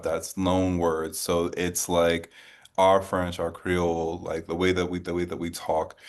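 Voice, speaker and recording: A man from New Orleans hosting an interview in a conversational way, often rephrasing and circling as he shapes his questions. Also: low-pitched. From New Orleans, USA. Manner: halting, rephrases a lot while forming questions. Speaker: interview host.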